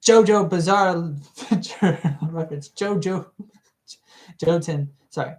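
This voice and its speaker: Unhurried amateur book reader, giggly asides, rambling and self-correcting. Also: medium pitch, darkish tone, low-quality recording. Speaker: audiobook reader. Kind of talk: casual read-aloud with rambling asides.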